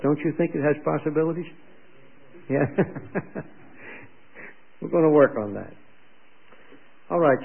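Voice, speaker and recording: A man's voice: mid-range voice, creaky, slightly rough. A man preaching a sermon in a conversational way, putting questions to his congregation, heard on a tinny lo-fi radio broadcast.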